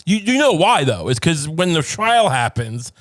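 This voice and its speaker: Man tossing in deadpan one-liners. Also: fairly high pitch, moderate pace, no room sound. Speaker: podcast co-host. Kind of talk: comedic podcast chat.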